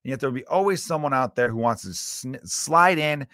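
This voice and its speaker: A man's voice: medium pitch, expressive, a little fast, bright, forceful tone, no echo, clean studio sound. A man hosting a solo podcast, ranting in a loose, profane, exasperated way with lots of fillers. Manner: loose, rambling with many fillers. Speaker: podcast host.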